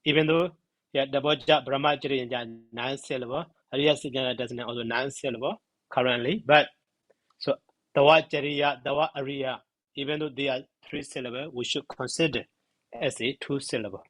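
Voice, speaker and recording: Man, grammar teacher, halting speech, counts syllables aloud, dry sound. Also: mid-range voice, fairly even intonation, fairly bright tone, no room sound, rough recording. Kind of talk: spoken lesson.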